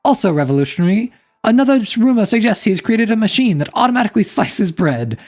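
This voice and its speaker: A woman's voice: mid-range voice, big pitch swings, fast, darkish tone, pitched above the performer's own voice. A woman voicing an old-timey newspaper reporter who reads out a formal news bulletin. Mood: declamatory. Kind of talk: in-character news reading.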